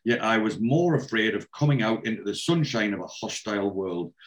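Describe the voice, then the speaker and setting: A man's voice: on the low side, expressive, brisk, lightly acted. A man voicing a self-pitying disgraced author who reads theatrically from his own book. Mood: mournful.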